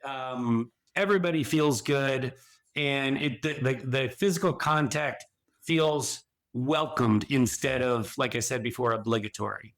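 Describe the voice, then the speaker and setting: A man's voice: medium pitch, measured pace, a bit bright. A middle-aged man talking earnestly as a podcast guest, explaining at length with frequent restarts. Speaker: podcast guest, addiction and sexual health counselor. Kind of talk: conversational podcast interview.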